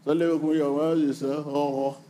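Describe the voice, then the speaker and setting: Preaching with a mellow voice on the high side, a middle-aged pastor keeps his delivery flat while moving slowly and deliberately through his sermon. He repeats phrases rhythmically and asks the congregation to respond, with a little hiss or hum in the recording.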